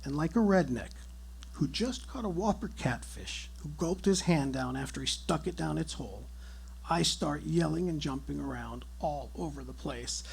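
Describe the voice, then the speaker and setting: Gravelly animated male storyteller. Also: high voice, a little slow. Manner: animated, theatrical, comic. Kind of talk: live stage storytelling. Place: stage.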